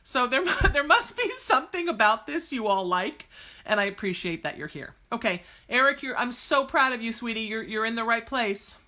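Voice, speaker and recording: On her psychic podcast, a woman chats live with viewers in a fairly high, sing-song voice at normal speed, bright and forceful in tone. Blunt and gushing, she cheers people on and bursts into cheers and song snippets.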